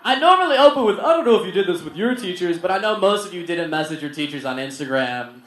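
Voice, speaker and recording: A young man performing a stand-up comedy set at a barbecue restaurant, acting out other people in raised, animated voices. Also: a little high, a little fast. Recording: roomy venue with laughter.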